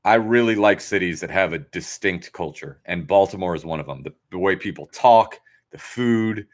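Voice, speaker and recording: A man with a fairly low voice hosts a trivia stream from home. He rambles easily through small talk, loose and friendly. His delivery is unhurried. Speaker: trivia host. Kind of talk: casual livestream chat.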